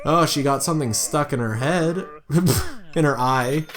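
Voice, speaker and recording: A man's voice: fairly high pitch, unhurried. A tired man giving casual, rambling gameplay commentary late at night, thinking aloud with jokey asides. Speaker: let's play host.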